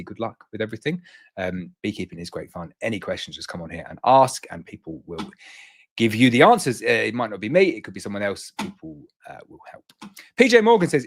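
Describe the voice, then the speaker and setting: A man hosts a casual live beekeeping chat, answering viewers with a rambling, easygoing flow. His speaking voice sits a little low, and it jumps up sharply whenever he reads out a viewer's name. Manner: chatty, rambling, jumps up in pitch to read out names. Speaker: beekeeping livestream host.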